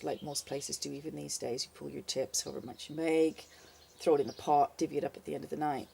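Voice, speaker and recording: An older woman, a former bartender, telling a wry, lively anecdote in a casual spoken style. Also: sits low, creaky. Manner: lively, animated, wry storytelling with fillers.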